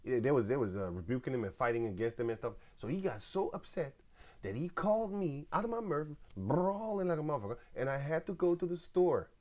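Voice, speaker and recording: A man tells a long rambling story in slangy, profane street talk. He jumps into the voices of both sides of a heated phone fight, getting loud and high when the story heats up. His pitch sits in an ordinary middle range. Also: expressive, brisk. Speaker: camp member telling a story. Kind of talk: casual storytelling rant.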